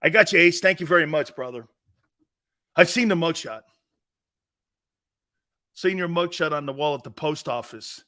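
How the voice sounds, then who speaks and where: A man's voice: a little high, expressive, normal speed, long pauses, pushed and bright. A man hosting a sports talk show, telling stories in a boisterous, casual way, laughing often and swearing freely. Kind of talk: casual chat and storytelling.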